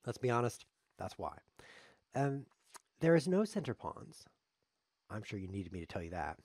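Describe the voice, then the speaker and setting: A man's voice: lowish voice, sing-song, moderate pace, pauses often, darkish tone, no echo, clean studio sound. A man streaming live chess, commenting on his games in a sarcastic, joking way as he plays. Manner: sarcastic, joking, talks to himself while playing.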